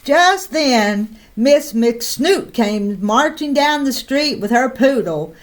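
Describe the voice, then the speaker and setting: Slow high-voiced woman storyteller. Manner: slow, expressive read-aloud. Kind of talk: reading a picture book aloud.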